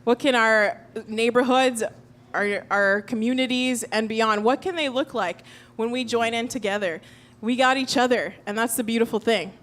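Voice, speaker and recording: A woman speaking in a church service, telling a story with lively, animated delivery. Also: a little high, normal speed. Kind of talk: sermon storytelling. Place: church auditorium.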